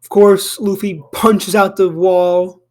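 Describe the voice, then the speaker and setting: A man's voice: high voice, little pitch movement, slow, a little mellow. A man casually retelling an anime fan story at home, rambling with lots of fillers and casual swearing, sounding a little tired and yawning. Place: home room.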